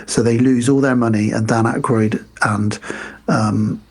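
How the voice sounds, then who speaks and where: A man's voice: mid-range voice, steady tone, measured pace, breathy edge. A man co-hosting a podcast, casually retelling film scenes with lots of fillers. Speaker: podcast co-host. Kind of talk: casual film-review chat.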